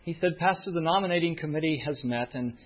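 A man's voice: on the high side, quick pace. A man preaching a sermon as a pastor, telling a story and acting out the voices of the people in it. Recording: muffled lo-fi recording.

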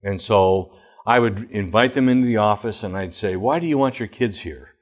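A man's voice: fairly low pitch, moderate pace. A middle-aged man, a former school principal, giving a plain-spoken presentation full of emphatic anecdotes.

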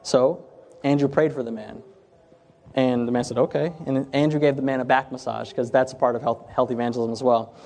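A man's voice: medium pitch, flat delivery, a little fast, gravelly, a little mellow, slight background noise. A man giving an informal health ministry talk to a group, telling stories in a conversational way and often repeating and restarting phrases. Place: room with chairs before a group. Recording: long hall reverb.

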